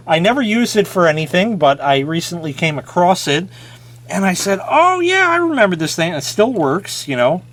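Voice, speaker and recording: A man's voice: on the high side, sing-song, normal speed, fairly bright tone. A man casually showing an old gadget on camera, joking and mocking himself as he rambles. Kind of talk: casual show-and-tell.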